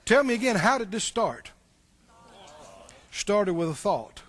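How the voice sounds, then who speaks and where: A male pastor preaching a sermon, animated and full of rhetorical questions. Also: high-pitched, unhurried.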